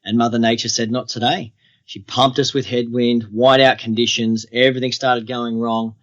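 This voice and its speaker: A man, a guest on an interview podcast, telling adventure stories in a relaxed, steady way. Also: mid-range voice, moderate pace, muffled recording.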